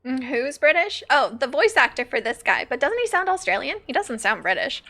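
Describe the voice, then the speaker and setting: A woman's voice: high voice, sing-song, fairly quick, bright, forceful tone. A woman streamer chatting casually and giggling while reacting to a game. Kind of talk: casual gameplay commentary.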